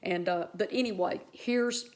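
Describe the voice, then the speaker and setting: A woman's voice: medium pitch, unhurried. A woman vlogger telling a personal story in a casual, heartfelt, rambling way, speaking straight to her viewers.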